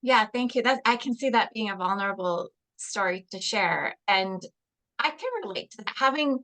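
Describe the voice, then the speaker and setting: A woman's voice: medium pitch, normal speed, a bit bright. A woman coach hosting an online workshop over a video call, encouraging and reading out audience replies. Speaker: confidence coach, session host.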